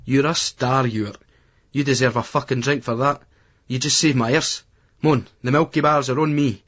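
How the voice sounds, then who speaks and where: A man's voice: medium pitch, fairly even intonation, moderate pace, fairly bright tone, muffled recording, natural voice. A man with a Scottish accent voicing a brash young lad who rants and swaggers. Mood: cocky. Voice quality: ranting, swaggering.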